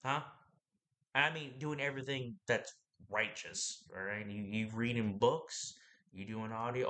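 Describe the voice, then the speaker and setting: A man hosting a podcast, giving an animated, preachy motivational talk that rambles and fires questions at the listener. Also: medium pitch, normal speed. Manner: animated and preachy, asks the listener questions, acts out other people's lines; rambling, with laughs and restarts.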